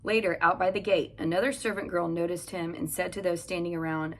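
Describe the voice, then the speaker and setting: A woman's voice: lowish voice, steady tone, brisk, slight background noise. A woman hosting a devotional podcast, chatting casually and reading scripture aloud while recording in a home closet. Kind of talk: casual devotional Bible teaching.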